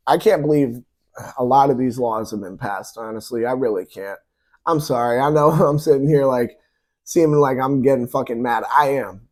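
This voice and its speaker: A man's voice: mid-range voice, a little mellow. Angry young man ranting. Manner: angry, profane, mocking opponents. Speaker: vlogger. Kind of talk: ranting commentary.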